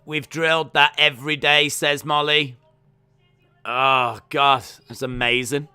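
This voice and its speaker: Excitable man shouting fight reactions. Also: on the high side, takes it slowly, smooth. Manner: excitable, shouting and exclaiming in bursts. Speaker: live stream watch-along host. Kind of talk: live fight reaction commentary.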